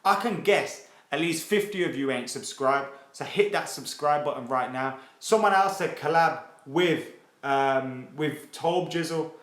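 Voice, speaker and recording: Lad hosting a late-night fan stream, fired up and swearing, slightly high voice, echoey room. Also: male voice, measured pace. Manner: excitable, sweary, reads viewer comments aloud. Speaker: football fan channel host. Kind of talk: casual live stream chat. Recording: roomy echo.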